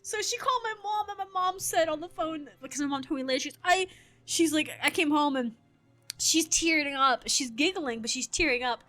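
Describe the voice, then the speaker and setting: A woman's voice: high voice, brisk, sharp tone, soft background music. A woman in her thirties telling a story casually while gaming, rambling and correcting herself, with frequent laughter. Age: 30s. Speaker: gaming streamer.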